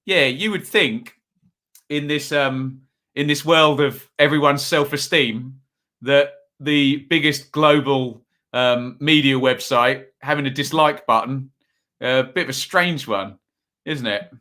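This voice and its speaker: Guy hosting a live stream, tired, bright voice, chatty with the chat. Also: medium pitch, slow. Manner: chatty, reads out chat messages and scores. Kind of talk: casual live-stream chat and score updates.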